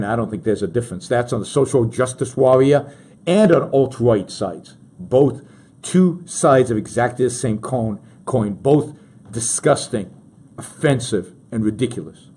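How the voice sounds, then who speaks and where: Husky-voiced male talk show host. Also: mid-range voice, darkish tone. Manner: emphatic, lists words for emphasis; self-correcting, muses aloud over word choice. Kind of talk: opinionated political commentary.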